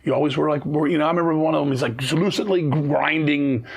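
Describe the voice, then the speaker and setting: A man talks at a rapid clip, his husky voice running through a long story. He swears freely and acts out what other people said in his anecdote. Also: fairly high pitch. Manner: profane, rapid, animated storytelling, acting out quoted dialogue. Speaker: guest musician. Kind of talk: casual interview storytelling.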